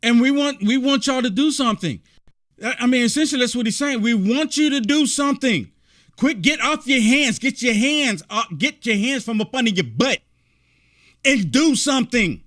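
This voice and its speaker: A man's voice: extremely high pitch, expressive, normal speed, fairly bright tone. A man hosting a political commentary show, reacting to clips in a rambling, repetitive, indignant rant.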